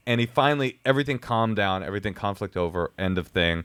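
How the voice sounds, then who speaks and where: A man in his thirties with a lowish voice, chatting casually as a comedian on a podcast. He rambles through his story with lots of fillers and false starts. The sound is dry and close to the mic. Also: steady tone, quick pace, hardly any pauses, a bit bright, clean tone, no room sound.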